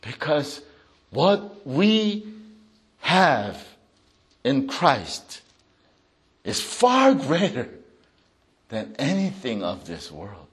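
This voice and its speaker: Slow, animated man preaching a sermon. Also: medium pitch. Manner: swings between loud proclamation and soft asides; reads scripture aloud with emphasis. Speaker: pastor.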